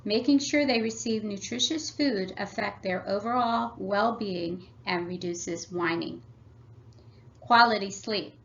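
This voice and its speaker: A woman at an ordinary pitch reads a scripted parenting workshop in a measured, teacherly manner. The recording is slightly dull and lo-fi. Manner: measured, instructive reading. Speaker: family workshop presenter. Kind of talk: scripted read-aloud presentation.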